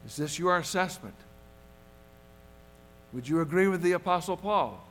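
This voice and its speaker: A male pastor preaching a sermon in an earnest, measured way, driving points home with repetition. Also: high-pitched, lively intonation, a bit bright, a little hiss or hum.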